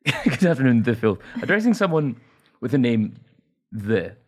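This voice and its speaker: A man's voice: medium pitch, very animated, measured pace. Dry, jokey Scottish man hosting. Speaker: podcast host. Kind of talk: casual chat.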